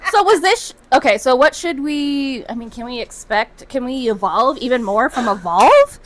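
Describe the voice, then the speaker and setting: A woman's voice: high-pitched, lively intonation, normal speed. A woman co-host in casual chat, giggly and filling her questions with "like". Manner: giggly, lots of filler words.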